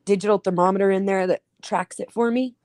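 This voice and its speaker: A woman's voice: mid-range voice, fairly even intonation, quick pace, darkish tone, dry recording. Middle-aged woman, earnest explainer in casual chat; dry, close sound. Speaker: guest in a chat.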